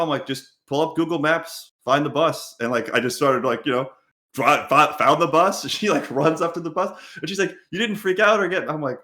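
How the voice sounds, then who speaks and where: A man whose voice sits on the high side hosts a podcast, speaking briskly in a casual chat with a roomy sound. His storytelling is animated, and he acts out what others said.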